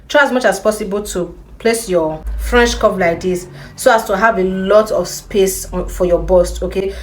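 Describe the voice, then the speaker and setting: A young woman giving a patient step-by-step sewing tutorial, repeating key points and checking in with the viewer. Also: mid-range voice. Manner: slow, patient, repeats instructions with frequent "okay?". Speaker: sewing instructor.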